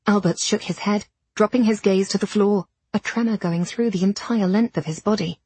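A woman narrating an audiobook in first person, with steady storytelling and period diction. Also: mid-range voice, moderate pace, hardly any pauses, slightly rough, no room sound.

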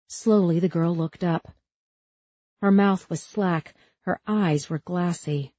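Low, husky woman narrating an audiobook. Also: takes it slowly, dark tone, no room sound, lo-fi sound. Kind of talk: scripted narration.

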